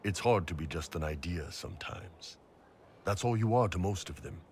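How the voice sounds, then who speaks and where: A man voicing a soldier and commander in a video game, speaking in a steady, assured way. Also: low voice, normal speed, slight background noise. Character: gruff male soldier and commander.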